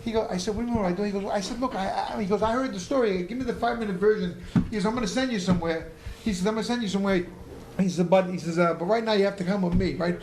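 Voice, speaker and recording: Brief: high-voiced man rattling off a salty yarn at speed, live club echo. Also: noisy background. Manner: rapid, profane, animated storyteller. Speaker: guest, former boxer. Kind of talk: live podcast storytelling. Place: comedy club stage. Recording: echoey live club room.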